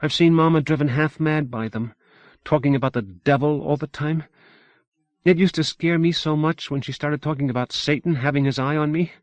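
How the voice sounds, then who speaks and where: A man voices an upset young woman, lightly acting the part in an earnest mood. He speaks at a moderate pace, pitched on the high side and above his own natural voice, with no room sound.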